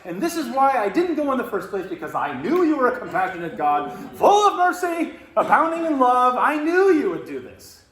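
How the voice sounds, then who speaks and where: A man voicing an angry male prophet who rants like a sulking child, in an indignant, shrill outburst. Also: huge pitch swings, a little fast, few pauses, a bit bright, full character voice. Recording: roomy echo, faint noise.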